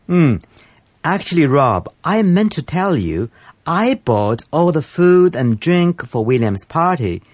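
Man, lesson co-host, somewhat high voice, very animated, curious questioner, dry studio. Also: takes it slowly, no room sound. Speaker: co-presenter. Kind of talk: scripted language lesson.

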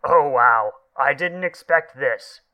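A man playing a smug, bright-voiced news anchor. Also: medium pitch, slow pace, rough recording. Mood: self-satisfied. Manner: formal broadcast delivery. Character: smug male TV news anchor, self-important.

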